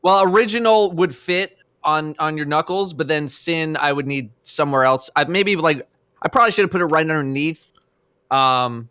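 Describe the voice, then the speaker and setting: A man rambles sheepishly as a job applicant in a party game. His voice is bright and sharp, a little high. The sound is dry and close. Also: moderate pace, smooth, dry recording. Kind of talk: playful improvised role-play.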